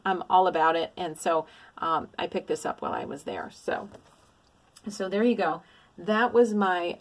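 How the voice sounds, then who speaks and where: Gushing, excitable woman crafter vlogger. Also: fairly low pitch. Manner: gushing, effusive, exclamatory. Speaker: cross-stitch vlogger. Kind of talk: casual show-and-tell haul.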